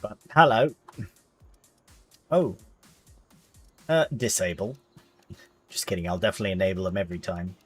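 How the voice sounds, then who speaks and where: Low-voiced chatty game streamer. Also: male voice, expressive, moderate pace, long pauses, fairly bright tone, breathy edge, soft background music. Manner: chatty, reads chat aloud, British slang. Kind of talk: casual live-stream commentary.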